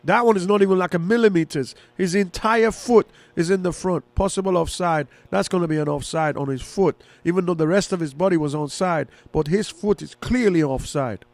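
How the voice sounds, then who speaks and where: A man giving casual live football commentary and reaction as a fan, chatty and excitable, rooting for one side. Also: sits high, brisk, few pauses, no room sound.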